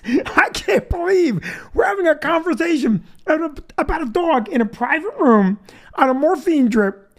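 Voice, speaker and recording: A man's voice: extremely high pitch, expressive, moderate pace. A man telling a comic story as host of a live show, laughing through his own jokes. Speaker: comedian host. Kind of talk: comedic storytelling.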